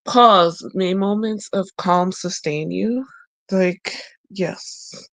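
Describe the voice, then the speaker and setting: Slow, musing woman reviewing cards. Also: mid-range voice, no room sound. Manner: reads each card's message aloud, then muses on the image with hesitations. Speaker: tarot and oracle deck reviewer. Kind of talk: casual deck walkthrough. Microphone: close mic.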